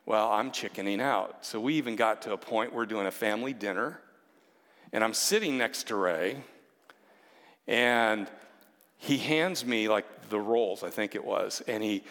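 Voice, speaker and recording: A man's voice: on the low side, measured pace, a bit bright. A man in his fifties telling a personal story to an audience, chatty and self-deprecating, with many asides. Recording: long hall reverb.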